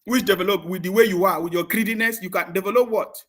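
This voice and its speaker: A man with a high voice rants on a live stream, answering viewer comments with open scorn. He laughs often and keeps firing questions back at his critics. His delivery is mocking and heated. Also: steady tone, fast, a bit bright.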